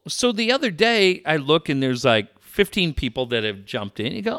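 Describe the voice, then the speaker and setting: Lively, bright-voiced male podcast co-host. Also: on the high side, moderate pace, creaky, few pauses, dry recording, clean studio sound. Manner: animated storytelling, swears, laughs often. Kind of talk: casual banter.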